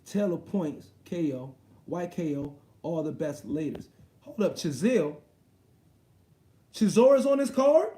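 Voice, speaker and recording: A man hosting a live boxing stream, talking in a crude, excitable, rambling way full of slang. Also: on the high side, a little slow, roomy sound. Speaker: boxing show host. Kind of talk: casual live-stream chat.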